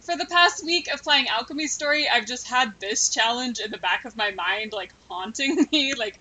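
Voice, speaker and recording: Let's-play commentator, female, high voice, lively and hammy, casual. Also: low-quality recording. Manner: chatty, playfully melodramatic.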